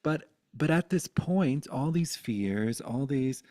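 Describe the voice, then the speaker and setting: A man in his thirties telling his life story with candid, animated feeling, swearing freely and often restarting his sentences. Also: medium pitch, slow pace.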